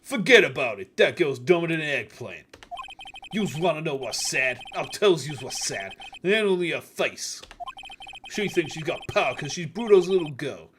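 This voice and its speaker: A man voicing a gruff, bullying male mobster who talks in tough-guy slang. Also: on the high side, sing-song, normal speed, long pauses, noisy background. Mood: menacing.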